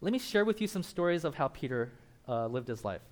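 A young man preaching a casual sermon as pastor, animated, acting out Bible characters and laughing often. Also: fairly high pitch, brisk.

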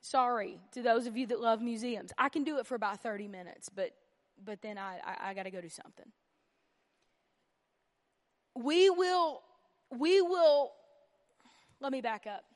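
A woman's voice: on the high side, fast talker, in a large hall. A woman teaching a church Bible lesson, earnest and emphatic, who repeats key phrases and drops in humorous asides. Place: church meeting room.

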